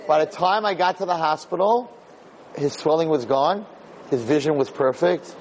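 A man's voice: a little high, moderate pace, slight background noise, poor audio. A middle-aged man, a rabbi and teacher, telling a story in a Torah talk, acting out the dialogue and repeating phrases.

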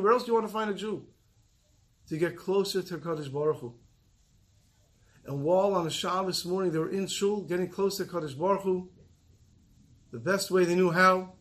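A man giving a sermon, telling a story earnestly and slowing down for emphasis. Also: high voice.

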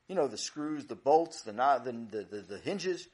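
A man's voice: medium pitch, expressive, moderate pace, a little mellow, natural voice. A man voicing a patient, joking father who stammers a little and calls out.

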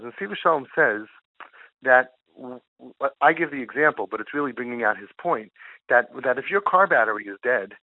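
Man telling a story over a tinny line. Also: mid-range voice. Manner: animated storyteller, repeats words for emphasis. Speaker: parenting guide telling a case story. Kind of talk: storytelling talk. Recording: tinny phone-line sound.

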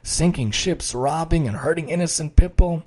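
A man's voice: on the high side, normal speed, darkish tone, voice pushed up, natural voice. A man voicing an earnest, resolute young boy in a storybook reading.

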